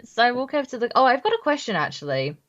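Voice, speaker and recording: A woman playing in a tabletop game, talking in a hesitant, relaxed way with many fillers. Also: a little high, very fast, lo-fi sound. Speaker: player. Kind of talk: casual tabletop game play.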